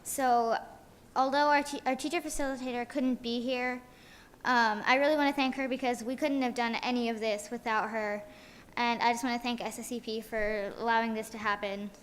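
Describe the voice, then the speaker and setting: Student from Texas, young woman, very high voice, hesitant, echoey hall. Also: steady tone, moderate pace, clean tone. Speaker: student speaker. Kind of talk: short conference speech. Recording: long hall reverb, faint noise.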